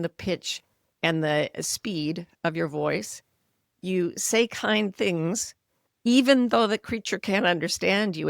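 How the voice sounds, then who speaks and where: A woman in her sixties with a gravelly, fairly low voice, talking as an interview guest. She explains things earnestly and conversationally, easing into a softer tone when she shows how to speak kindly. The sound is close and dry. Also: dry recording. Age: 60s. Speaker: author and coach, podcast guest.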